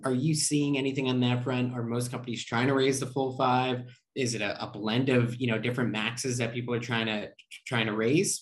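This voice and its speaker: A man hosting an interview, asking friendly, curious questions about investing. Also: mid-range voice. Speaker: interview host.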